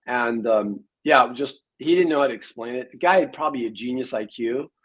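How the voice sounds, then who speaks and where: Man, 60s, husky voice, rambling storyteller, casual interview. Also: medium pitch, brisk, a bit bright, rough recording. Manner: rambling storyteller, many fillers. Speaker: interview guest, programmer.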